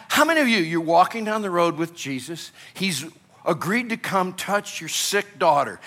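Male pastor, high voice, bright tone, animated, loud to hushed. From Illinois. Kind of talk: sermon.

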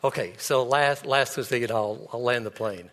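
A man preaches a sermon from the pulpit, earnest as he tells stories. His voice sits at an ordinary middle pitch. It rings out with a long reverb from the church sanctuary. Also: normal speed, fairly bright tone. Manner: earnest, storytelling with quoted dialogue. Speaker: pastor.

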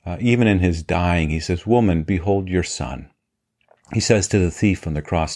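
A man preaching a sermon in an earnest, measured way, repeating phrases for weight. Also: deep voice, a little mellow. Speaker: pastor.

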